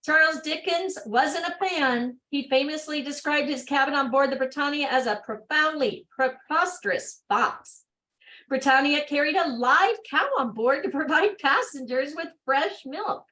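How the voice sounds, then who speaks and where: A woman hosting an online workshop over a video call. She reads training material aloud at a brisk clip and breaks off for upbeat, chatty asides. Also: high-pitched, pushed and bright, poor audio. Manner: brisk reading broken by upbeat exclamations. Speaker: workshop host.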